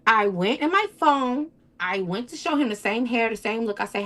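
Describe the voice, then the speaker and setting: A woman's voice: a little high, expressive, normal speed, few pauses, fairly bright tone. Woman telling a personal story in a rambling, emotional way. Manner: rambling, repeats herself, acts out quoted speech. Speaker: interview guest.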